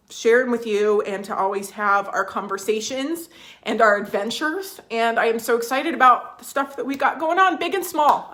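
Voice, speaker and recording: A woman vlogging from home, chatting casually with viewers, restarting sentences and reading out their comments. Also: a little high. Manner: warm, chatty, reads viewer comments aloud; restarts sentences, fillers, emotional at times.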